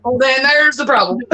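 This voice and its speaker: High, bright woman joking. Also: poor audio. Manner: joking, teasing. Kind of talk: casual group chat on a livestream.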